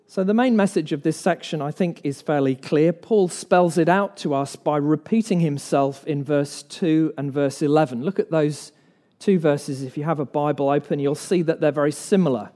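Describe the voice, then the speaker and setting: A man's voice: on the high side, normal speed, dark tone. A man preaching an evening sermon in church, earnest and emphatic, posing rhetorical questions to the congregation.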